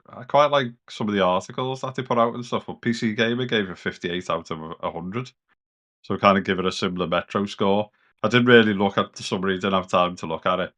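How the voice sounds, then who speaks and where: A man's voice: on the low side, fairly bright tone. A British man chatting casually as a co-host on a gaming podcast, rambling and a bit sweary. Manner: rambling, loose and sweary, lots of "kind of".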